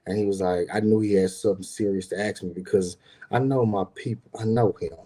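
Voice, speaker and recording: Brisk and mellow, this middle-aged man's fairly low voice keeps a fairly even intonation. A business owner, he shares a personal story straight to the camera in a rambling, slangy, foul-mouthed casual monologue.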